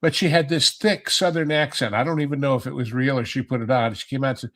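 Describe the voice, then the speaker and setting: A man's voice: medium pitch, steady tone, fast talker, hardly any pauses, a bit bright. A man on a podcast panel telling rambling, nostalgic stories in casual chat.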